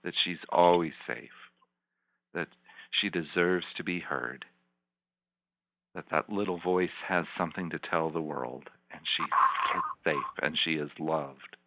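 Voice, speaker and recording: Deep-voiced man guiding a calm visualization. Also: slow pace, vocal fry, slight background noise. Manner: soft, repetitive, soothing coaching. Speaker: healing practitioner guiding a volunteer. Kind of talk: slow guided imagery session. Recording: dull lo-fi teleconference line.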